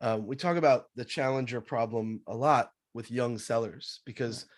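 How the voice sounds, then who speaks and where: A man talking with energy and drive, his middle-pitched voice coming across dry and close, with no room echo. He coaches in a casual interview. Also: normal speed. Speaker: sales trainer guest.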